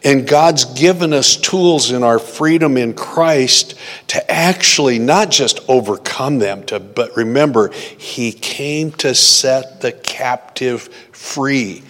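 A man preaching a sermon as pastor, praying and teaching in a slow, deliberate way. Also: medium pitch, fairly bright tone, in a large hall.

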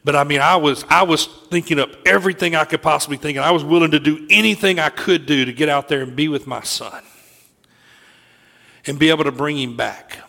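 A middle-aged man preaches a sermon, earnestly sharing a personal story and frequently restarting his sentences. His fairly high voice moves a little fast, with vocal fry and a sharp tone.

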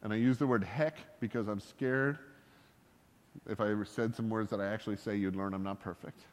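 A man's voice: on the low side, steady tone, fairly quick. A man preaching a sermon as a pastor, talking in a loose, conversational way with jokes and self-deprecating asides. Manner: conversational and joking, with laughs and asides. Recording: long hall reverb.

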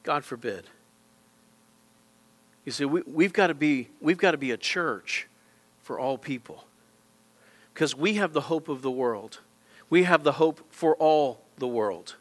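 A man's voice: a little high, lively intonation, measured pace. A middle-aged male pastor preaching a sermon in a church auditorium, with impassioned, repetitive appeals straight to his congregation.

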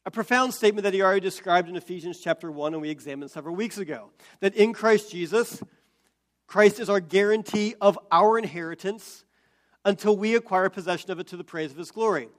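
A man preaching a sermon as pastor, explaining scripture and building to loud, emphatic peaks. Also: sits high, a little fast.

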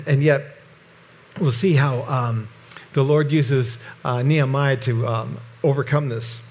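A middle-aged man walks through scripture verse by verse, speaking in a relaxed, conversational way that often stalls and restarts. His voice sits somewhat high for a man. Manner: conversational, halting, with frequent restarts. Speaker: Bible teacher. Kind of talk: verse-by-verse Bible teaching.

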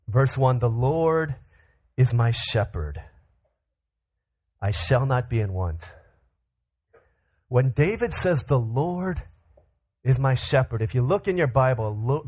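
A man preaching to young people, telling playful stories with acted-out voices. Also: fairly high pitch. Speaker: pastor. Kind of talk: sermon to a youth audience.

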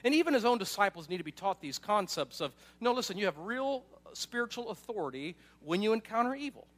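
A man's voice: high voice, very animated, brisk, fairly bright tone. A man preaching a sermon in a casual, conversational way, with frequent asides and questions to the congregation. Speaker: pastor.

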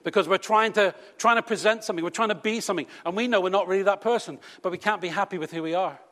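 Preaching in a church hall whose long reverb fills the recording, a high-pitched British man speaks quickly in a fairly bright tone. He teases his congregation in a chatty way and keeps asking rhetorical questions.

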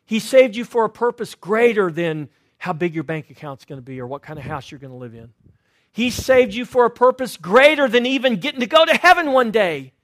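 A high-voiced man preaching from the pulpit in a church. He tells his stories with a lively, swooping delivery. He drops from loud, emphatic lines to near-hushed ones. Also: fairly quick, no room sound, studio quality. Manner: animated storytelling, swinging from loud to hushed. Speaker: pastor. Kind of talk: sermon. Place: church sanctuary.

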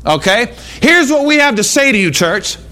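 A man preaching a sermon in church, emphatic and repetitive, now and then breaking into shouts. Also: extremely high pitch, big pitch swings, normal speed. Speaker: pastor. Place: church sanctuary.

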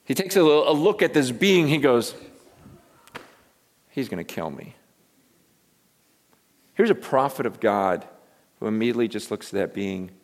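A man's voice: medium pitch, fairly quick. Emphatic preacher man in a reverberant hall. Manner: emphatic, swings between loud and hushed, repeats words. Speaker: pastor. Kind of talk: sermon. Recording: long reverb from a large hall.

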